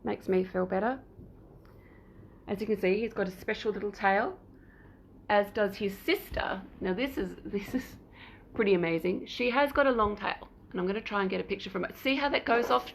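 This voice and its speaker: A woman's voice: mid-range voice, normal speed, vocal fry, slight background noise. A middle-aged Australian woman hosting a cat rescue livestream from her home, talking casually and at length about the kittens. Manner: chatty, rambling, fond baby talk to the kittens.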